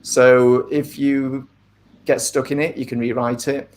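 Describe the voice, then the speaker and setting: A middle-aged man, an author being interviewed, talking in a thoughtful, measured way with frequent ums and asides. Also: mid-range voice, level tone, darkish tone. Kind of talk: casual interview talk.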